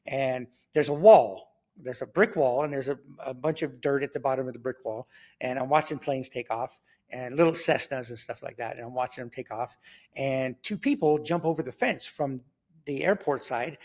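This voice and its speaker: A man's voice: mid-range voice, brisk, a little mellow. A middle-aged man telling his life story as a testimony, acting out dialogue with many fillers and restarts.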